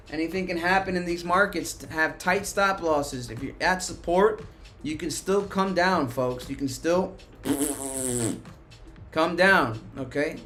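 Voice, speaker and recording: A man with a high-sitting voice hosts a live stock market stream, talking excitedly and swearing plenty. As prices move, he swings between cheering and panic.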